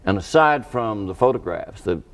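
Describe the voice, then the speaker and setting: A low-pitched man hosts a studio book interview. He speaks in careful, measured phrases and often pauses to find the right words. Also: lively intonation. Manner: deliberate, hesitant with many uh and um. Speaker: TV interviewer and host.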